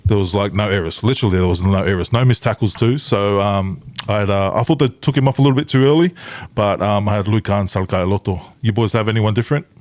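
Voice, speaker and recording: A man's voice: fairly low pitch, fast, darkish tone. A man hosting a casual rugby chat, laid-back and saying "mate" constantly. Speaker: podcast host.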